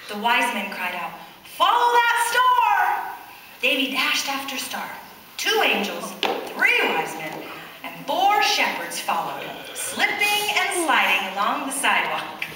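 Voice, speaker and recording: A woman reading a picture book aloud to children in a church, pausing to ask them questions. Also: a little high, a little hiss or hum. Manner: animated, questions the children as she reads. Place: church, large indoor space. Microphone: far camcorder. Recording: echoey church hall from far off.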